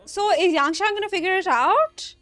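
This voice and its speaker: A woman's voice: very high-pitched, normal speed, a bit bright, no echo. A young woman hosting an anime reaction, talking casually and with exasperation to her viewers and swearing now and then.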